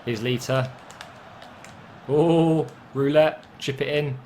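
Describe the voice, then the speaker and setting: A young man commentating on his own football video game match, casual and chatty, with swearing and sudden excited outbursts. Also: medium pitch, slow, slight background noise. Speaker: gaming commentator.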